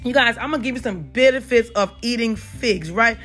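With soft music playing behind her, a middle-aged South Carolina woman speaks a little high, fairly fast and with a fairly bright tone. In her Southern accent she hosts a casual, unedited holistic health and faith talk, full of fillers and repeated "you guys" and "y'all."

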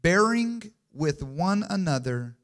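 A man preaching a sermon in church, calling for amens and building from quiet to loud and emphatic. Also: high-pitched, very animated, takes it slowly. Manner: call-and-response, asks the congregation for amens.

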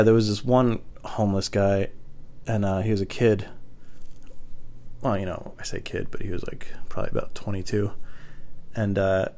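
Young guy rambling thru funny stories, kinda low voice, laid back, gets loud doing other ppl's lines. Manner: acts out quoted voices loudly. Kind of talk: casual storytelling.

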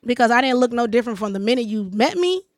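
A woman's voice: a little high, expressive, fast talker, no echo. Emphatic woman host, dry close sound. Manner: emphatic, repeats phrases for stress. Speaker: podcast host. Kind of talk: casual conversation.

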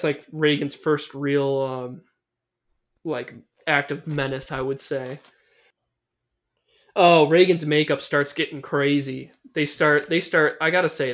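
A man's voice: a little high, fairly bright tone. Rambling, swearing young man recapping a film. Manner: loose and rambling, swears a lot, many fillers. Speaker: podcast host. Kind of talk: casual movie recap chat.

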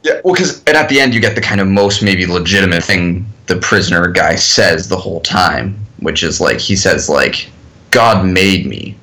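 A man chatting on a podcast, circling his point through restarts and filler words. His voice sits somewhat low, with a bright, forceful edge. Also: expressive, normal speed, few pauses. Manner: rambling, many fillers and restarts. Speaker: podcast co-host. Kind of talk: casual chat.

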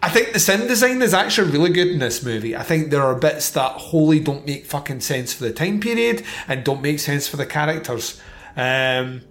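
A man's voice: fairly high pitch, lively intonation, moderate pace, a bit bright. A man hosting a casual film-review podcast, blunt and wry, swearing freely as he picks apart a movie. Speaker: podcast host reviewing films.

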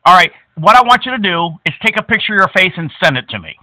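A man making a prank phone call, crude, abusive and mocking, at times bursting into shouts. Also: high-pitched, lively intonation, fast talker, dry recording. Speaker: prank caller.

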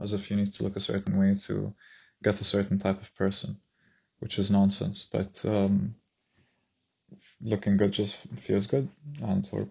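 A man talking through his feelings in a reflective personal monologue, soft-spoken and searching, full of "you know" and "like". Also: on the low side, creaky, husky, dull audio.

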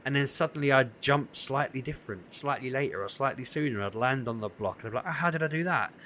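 Talking fast in a mid-range voice, a podcast co-host works through a long, casual story. He gets animated, voicing the many quotes himself, over slight background noise.

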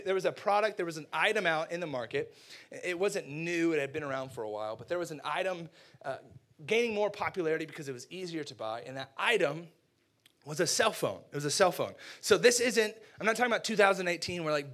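Young guy preaching, bright voice, jokey storytelling, gets loud and dramatic. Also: fairly high pitch. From United States. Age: 20s. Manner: animated, comedic, with exaggerated outbursts. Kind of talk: sermon storytelling.

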